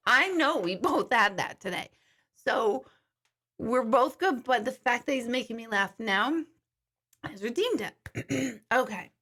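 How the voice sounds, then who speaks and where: Bright high-voiced woman laughing through a chat. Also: expressive, unhurried, slightly rough. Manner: laughing fits, apologetic, swearing. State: tired, laughing to tears. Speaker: livestream host. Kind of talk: casual chat with viewers.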